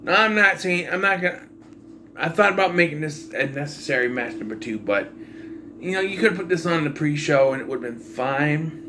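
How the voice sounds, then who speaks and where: This wrestling pay-per-view reviewer is a young man speaking at normal speed in a fairly high pitch, with a little background noise. His recap is casual and full of opinions, delivered as an animated, profanity-laced rant of frustration.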